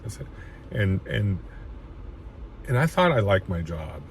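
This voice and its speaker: A man's voice: lowish voice, sing-song, measured pace, slight background noise. A man casually telling his own life story, rambling with frequent restarts and getting emotional at points. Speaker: chiropractor sharing his story.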